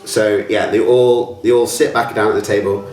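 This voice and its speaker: A man's voice: lowish voice, fairly even intonation, moderate pace, a little mellow. A man narrating a tabletop game as game master, rambling with many fillers. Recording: roomy, from a distance.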